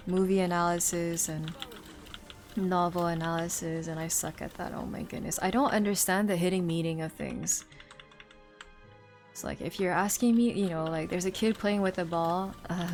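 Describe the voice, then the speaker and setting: Woman w/ as chatting on stream, rambly and laughy, kinda low voice, soft music + typing. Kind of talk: casual chat while gaming.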